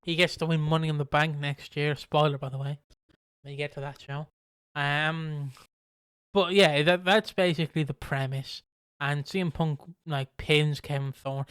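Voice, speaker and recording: A man co-hosting a casual podcast, his voice pitched a little high with a smooth, clean tone. He rambles through recaps with plenty of swearing. The sound is dry and close, with no room echo. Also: fairly even intonation, normal speed, a bit bright. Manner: rambling, swears, acts out quotes. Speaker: podcast co-host. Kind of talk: casual chat reviewing wrestling.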